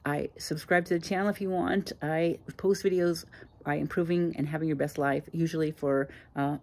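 Low-voiced woman in her sixties. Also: steady tone, moderate pace, vocal fry, a little mellow. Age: 60s. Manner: plainspoken, reflective, with frequent fillers. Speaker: channel host. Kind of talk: personal storytelling to camera.

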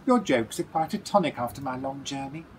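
A man's voice: mid-range voice, animated, brisk, slight background noise, pitched above the performer's own voice, close to an everyday voice, low-quality recording. A man voicing a polite, weary male cuckoo bird in a storybook reading, with a courteous, genteel and sleepy manner.

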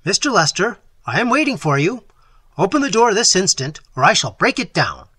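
A man voicing a stern, authoritative doctor who speaks loudly and commandingly. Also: medium pitch, very animated, moderate pace, breathy edge, dry recording. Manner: loud, commanding, clipped. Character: stern authoritative male doctor, middle-aged.

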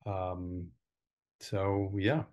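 A man with a low voice speaks slowly and deliberately. He explains a process in a calm, measured way during a webinar call. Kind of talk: video call discussion.

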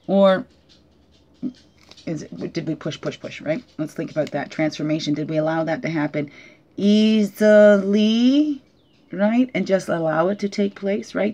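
A woman acting as a spiritual teacher, giving a casual weekly oracle card reading. She reflects aloud, asks many questions, often adds "right?", and jokes gently at her own expense. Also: fairly low pitch. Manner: gently joking, laughs at herself. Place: at home.

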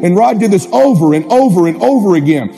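A man giving a motivational speech to a live audience, telling a personal story in an animated, emphatic way. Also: high-pitched, fairly quick, vocal fry, soft background music. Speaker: motivational speaker.

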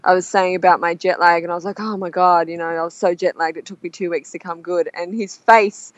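A woman's voice: on the low side, fairly even intonation, a little fast, dry recording, highs cut off. A young Australian woman with an Australian accent, chatting casually as a guest and telling funny stories with frequent laughs. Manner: bubbly, laughs often, tells anecdotes. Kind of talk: casual chat.

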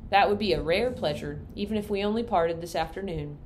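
A woman voicing a prim, polite young schoolteacher with a lilting, bright delivery. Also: medium pitch, a little fast, a little hiss or hum, pitched above the performer's own voice, lightly acted.

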